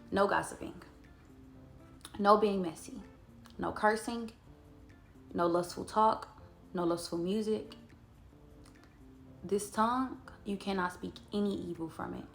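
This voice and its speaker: A woman, chatting earnestly about scripture and slowing down to read verses aloud. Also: lowish voice, vocal fry. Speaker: Bible study vlogger. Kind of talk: casual devotional talk to camera.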